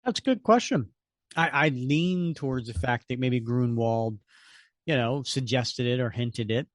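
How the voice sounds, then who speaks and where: A man's voice: mid-range voice, measured pace, dry recording. Man recapping comics, close dry sound. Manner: animated, hedging, storytelling. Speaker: podcast co-host. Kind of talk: casual comic book chat and recap.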